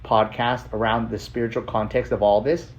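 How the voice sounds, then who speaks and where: A man's voice: medium pitch, level tone, normal speed. Guy on his podcast telling a story, swears a lot, says like constantly, kinda muffled audio. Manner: loose and profane, with frequent "like" fillers. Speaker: podcast host. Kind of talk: casual storytelling monologue.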